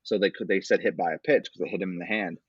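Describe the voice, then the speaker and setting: Male podcast co-host, low husky voice, dull muffled recording, casual cursing sports chatter. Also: fairly even intonation, quick pace, dry recording. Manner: loose, rambling, swears a lot.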